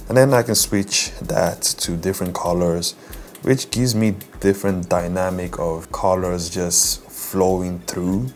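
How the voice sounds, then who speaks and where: A man's voice: low voice, darkish tone. A man casually reviewing a budget microphone, chatty and self-deprecating, talking straight to his viewers from an indoor home setup. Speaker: tech reviewer. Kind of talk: casual product review vlog. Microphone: USB condenser mic at close range.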